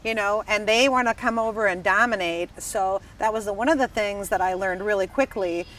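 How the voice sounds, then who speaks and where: A woman from Wisconsin, a restaurant dining room manager, telling stories in a lively, emphatic casual chat. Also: mid-range voice, fairly quick. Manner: animated, emphatic storyteller. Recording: slightly distant mic, faint background noise.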